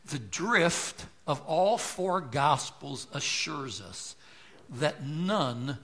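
A pastor preaching a sermon with emphatic rhetorical questions, his loudness swelling and dropping. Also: fairly high pitch, expressive, drawn-out words.

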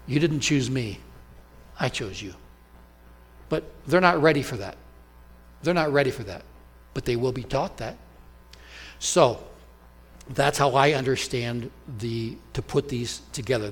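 A male pastor preaching an expository sermon, earnest and emphatic, slowing down to stress key phrases and putting questions to his congregation. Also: medium pitch, slight background noise.

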